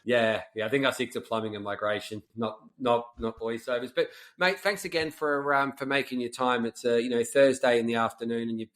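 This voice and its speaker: A young Australian man hosting a podcast interview, chatty and relaxed, calling his guest mate and filling pauses with um. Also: medium pitch. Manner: chatty, says mate a lot, many fillers. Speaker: podcast host. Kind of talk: casual interview chat.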